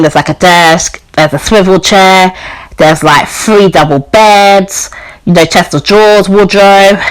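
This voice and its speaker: A woman's voice: fairly low pitch, rough recording. A woman telling a personal story on her vlog in a chatty way, full of "you know" and "like", acting out the people she quotes. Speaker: YouTuber.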